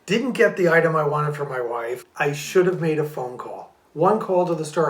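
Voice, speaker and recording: Older male co-host, easygoing, light-pitched, echoey home room. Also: animated, normal speed, hardly any pauses. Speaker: co-host, husband. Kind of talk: casual storytelling vlog.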